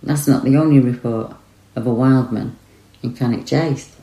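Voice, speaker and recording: A woman tells the reports in calm, measured scripted narration. Her voice is exceptionally low and dark. The recording has a roomy echo to it.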